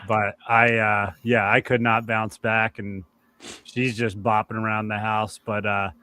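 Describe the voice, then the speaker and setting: Male co-host from Philly, bright forward tone, dry close sound, candid rambling chat. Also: fairly low pitch, level tone, measured pace, smooth, no room sound. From Philadelphia. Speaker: podcast co-host. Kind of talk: casual chat.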